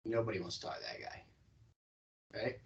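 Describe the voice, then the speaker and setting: A man teaching a sales class, stretching his pitch high and low to show how inflection works. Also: a little fast, gravelly, recorded from a distance, highs cut off. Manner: animated, swings pitch up and down for demonstration. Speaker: sales trainer. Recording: voice from across a room.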